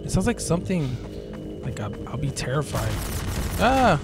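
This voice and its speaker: Male gamer, casual commentary, lively up-and-down voice, slightly high, laughs a lot. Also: a little slow. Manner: joking, swearing, laughing often, mock-scared. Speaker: let's play gamer. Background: game music and gunfire.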